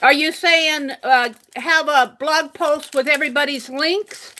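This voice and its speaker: A woman's voice: sits high, fairly even intonation, unhurried, pushed and bright, slight background noise. An older woman live-streaming her crafting, chatting casually, reading viewers' comments aloud and laughing often. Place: home craft room.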